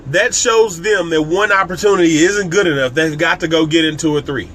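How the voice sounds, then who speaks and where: Emphatic high-voiced male business coach. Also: brisk, a bit bright, a little hiss or hum. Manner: emphatic and repetitive, addressing viewers directly; casual and conversational, with frequent restarts. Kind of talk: live-streamed motivational talk.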